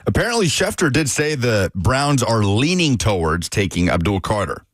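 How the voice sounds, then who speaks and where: A man's voice: medium pitch, very animated, normal speed, fairly bright tone, dry recording. A man co-hosting sports radio whose voice moves up and down a lot as he delivers wry asides. His middle-register tone comes through dry and close. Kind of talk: casual sports radio banter.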